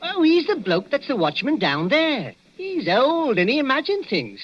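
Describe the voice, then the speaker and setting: A man's voice: very high-pitched, huge pitch swings, normal speed, exaggerated voice. An actor playing a chatty, jovial night watchman with a Cockney accent, folksy and chuckling, in 1940s radio acting on a dull old broadcast.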